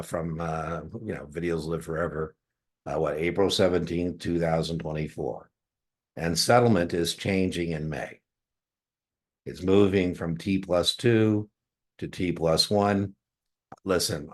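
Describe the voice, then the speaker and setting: Lively man teaching exam prep. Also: low-pitched. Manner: animated, jokey, acts out dialogues with students. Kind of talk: lecture class replay.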